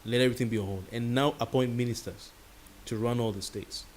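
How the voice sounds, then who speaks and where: A heated Nigerian-accented man delivers a late-night talk show monologue. He rants with passion, slipping pidgin words in among his English. His voice sits at an ordinary middle pitch. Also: fairly even intonation, a little fast, a little hiss or hum.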